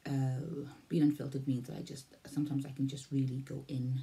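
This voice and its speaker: Rambling gravelly-voiced Welsh woman vlogger. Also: a bass voice, level tone, a little fast, dark tone. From Wales. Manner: rambling, repeats herself, loses her thread. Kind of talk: casual vlog talk to camera.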